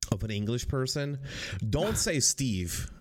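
Playful man with a very lively voice. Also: mid-range voice, measured pace. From United States. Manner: playful, teasing. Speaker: podcast host. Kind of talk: casual podcast chat.

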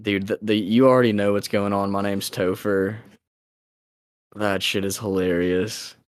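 A man's voice: lowish voice, steady tone, moderate pace, no room sound, clean studio sound. A young man hosting a podcast in casual chat, rambling loosely, laughing often and swearing freely. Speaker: podcast host.

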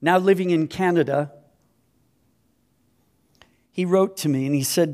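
A man in his fifties from Minnesota tells a personal testimony as a missionary speaker. His voice sits a little high for a man. He talks in an earnest, self-deprecating storytelling way. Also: unhurried, pauses often, a little mellow. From Minnesota, USA.

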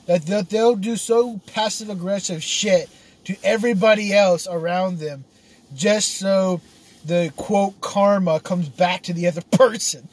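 Guy vlogging, kinda high voice, rambles and swears a lot. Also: slightly rough. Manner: rambling, swearing, laughing at himself. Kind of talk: casual monologue.

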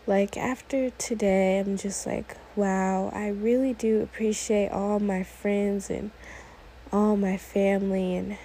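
18 yr old girl rambling on her podcast, lots of fry, kinda wanders off topic. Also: mid-range voice, steady tone, takes it slowly, mellow, slight background noise, poor audio. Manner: rambling, often sidetracked, many "like"s. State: a little emotional, teary. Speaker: podcast host. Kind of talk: casual solo podcast monologue.

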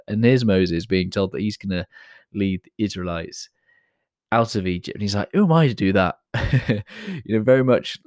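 Chatty low-voiced man. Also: darkish tone, no room sound, clean studio sound. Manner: chatty, self-deprecating, frequent fillers and restarts. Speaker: podcast host. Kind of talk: casual motivational monologue.

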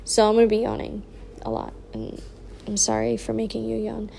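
A young woman casually telling a personal story on her vlog, sleepy and yawning, her speech slow and drawn out and full of "like" and soft trailing asides. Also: a little high, very animated, gravelly, slight background noise. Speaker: vlogger sharing a personal story.

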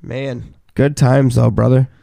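A young man co-hosting a podcast, telling crude party stories in casual chat and loudly acting out what people said. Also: mid-range voice, level tone, slow, vocal fry, no room sound, studio quality. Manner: crude, rowdy storyteller who acts out quotes loudly. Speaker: podcast co-host.

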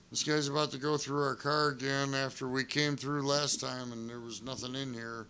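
Barely pausing, a middle-aged man who once wrestled talks at normal speed in a medium-pitched voice, with a little hiss or hum on the recording. It's casual storytelling about the road, salty and animated, with quotes performed aloud.

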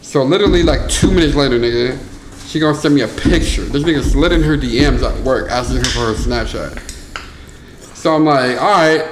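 A young man on a casual podcast, telling a story in an animated way with lots of crude slang. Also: mid-range voice, fairly quick. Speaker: podcast co-host. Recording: echoey room with faint noise.

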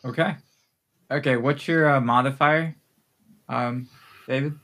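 A man's voice: mid-range voice, steady tone, a little slow, a bit bright. A man narrating as game master, easygoing and often breaking into laughter between rulings.

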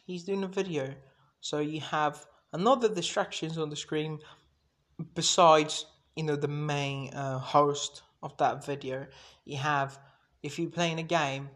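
A man's voice: on the high side, fairly bright tone. Rambling, swearing male podcaster. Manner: rambling, swears freely, jumps between subjects, acts out mock dialogue. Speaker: solo podcast host. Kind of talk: casual solo monologue.

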